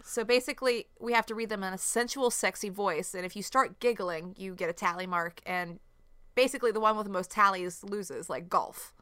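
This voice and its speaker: A woman co-hosting a comedy podcast, blunt and quick with crude jokes. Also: mid-range voice, bright, forceful tone, no room sound. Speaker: podcast co-host. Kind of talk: casual comedic podcast chat.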